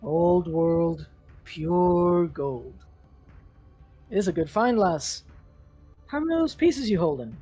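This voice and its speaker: Guy putting on a gruff dwarf smith, kinda high and husky, haggly. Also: animated, slow, long pauses, mellow, faint music behind, exaggerated voice. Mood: gruff, incredulous. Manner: gruff, calls people lass. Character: stocky male dwarf smith, sharp and haggling.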